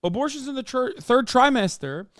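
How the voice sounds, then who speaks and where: A male streamer ranting at his chat during a live reaction stream, profane and combative, often yelling. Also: very high voice, expressive, moderate pace, no room sound, clean studio sound.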